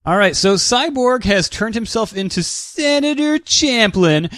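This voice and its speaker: A man co-hosting a casual comic book podcast, summarizing plots with wry, deadpan jokes. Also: high-pitched, measured pace, dry recording, studio quality. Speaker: podcast co-host.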